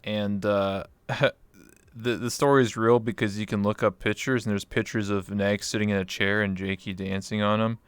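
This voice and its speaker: A man's voice: lowish voice, flat delivery, moderate pace, smooth, no room sound. A man from Canada hosting a casual streamed interview, rambling with lots of fillers. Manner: rambling, filler-heavy, laughs easily. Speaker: interview host.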